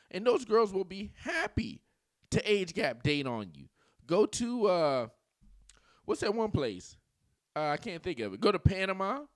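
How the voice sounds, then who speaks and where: A man's voice: high voice, no room sound, clean studio sound. A man in his forties giving casual dating commentary, telling stories in slang and mimicking voices.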